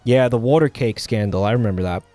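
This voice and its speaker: A male streamer's pitch sits in an ordinary middle range as he chats offhandedly, with a slightly sardonic edge, while soft music plays underneath. His speech is rambling and halting, full of fillers, restarts, and sentences that trail off.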